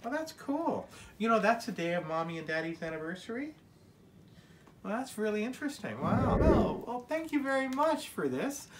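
Upbeat exclaiming woman, lively pitch. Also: moderate pace, very noisy. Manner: upbeat, exclaiming, coaxing a child along. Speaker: family vlogger. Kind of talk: casual home unboxing chat.

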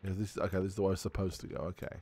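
A man giving casual let's play commentary while thinking aloud, excitable and swearing often. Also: low voice, rapid-fire. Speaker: gaming video creator.

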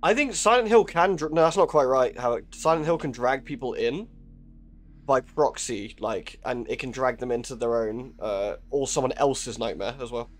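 A man's voice: medium pitch, moderate pace. A young man chatting casually while live-streaming a horror game, joking, swearing and laughing often.

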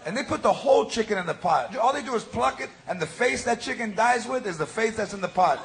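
A middle-aged man doing a live stand-up comedy routine, animated and shouting punchlines while mixing Spanish slang into his English. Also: high voice, fast, vocal fry, background noise. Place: live comedy stage before an audience. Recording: live show with loud audience laughter.

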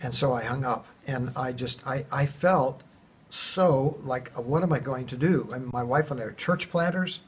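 Husky-voiced man telling a testimony. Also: medium pitch, normal speed. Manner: conversational, animated retelling with quoted dialogue and restarts. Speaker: church planter telling a personal testimony. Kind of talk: casual spoken testimony storytelling.

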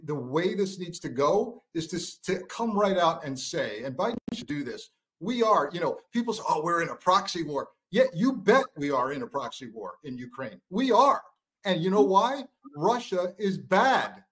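A middle-aged man speaking as a guest on a political talk show, emphatic and forceful, often repeating words for stress. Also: fairly high pitch. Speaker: guest, former counterintelligence official.

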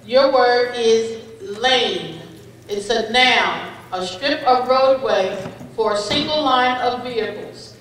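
A woman reading spelling words, definitions and example sentences to children at a school spelling bee, speaking deliberately and kindly over a microphone. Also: a little high, a bit bright, a little hiss or hum. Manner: slow, deliberate word reading, kind to children. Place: school event hall. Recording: echoey hall from far off.

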